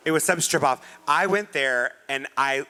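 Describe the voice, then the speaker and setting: Male host, bright and crisp, animated storyteller who swears freely. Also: medium pitch, moderate pace. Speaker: podcast host. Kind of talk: casual storytelling chat.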